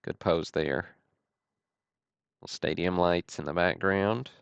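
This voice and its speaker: A man hosting a livestream, calling out trading cards one after another in a steady, matter-of-fact way with dry self-deprecating asides. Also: sits low, slow, vocal fry, smooth, no echo, dull audio. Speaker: host of a card-break livestream.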